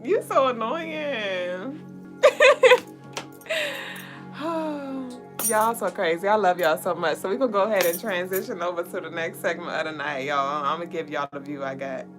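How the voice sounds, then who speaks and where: A woman's voice: on the low side, a little slow, music in the background. A woman hosting a casual livestream, reading viewer comments and laughing often. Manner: playful, laughs often, sings along and leads the chat. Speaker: livestream co-host.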